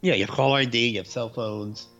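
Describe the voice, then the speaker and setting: A man's voice: mid-range voice, fast talker, highs cut off, music in the background. A man in his forties, co-hosting a casual chat about movies and telling stories with laughter. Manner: storytelling, laughs often, acts out quotes.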